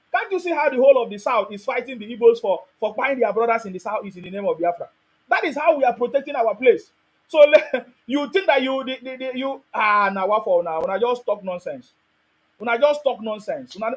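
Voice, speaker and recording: A man with a Nigerian accent hosts an online show, delivering emphatic political commentary full of rhetorical questions and bits of Pidgin. His voice is very high with a breathy edge, and the recording is rough.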